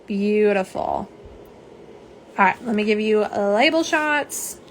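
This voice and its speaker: A middle-aged woman, a nail polish livestream host, chats bubbly with viewers and reads their comments aloud from her home setup, filmed on a phone camera. She sounds animated yet slow, at medium pitch, with a little hiss or hum.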